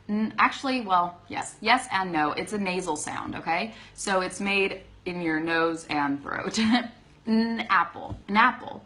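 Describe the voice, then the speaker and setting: A woman's voice: medium pitch, fairly bright tone, poor audio. A woman with a Californian accent giving a live online English lesson, chatty, laughing often and checking in with "okay?". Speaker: English teacher.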